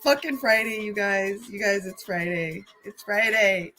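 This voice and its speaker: A woman's voice: mid-range voice, a little slow, sharp tone. A woman chatting casually on a live stream, laughing often and swearing freely.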